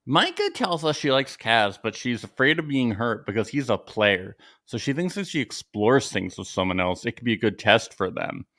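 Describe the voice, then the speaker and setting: An American man with a very lively, up-and-down voice, co-hosting a casual podcast recap. He talks in a jokey, sarcastic way, and the sound is close and dry, with no room echo. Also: moderate pace, few pauses. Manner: jokey, sarcastic, mimics cast members in falsetto. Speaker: podcast co-host.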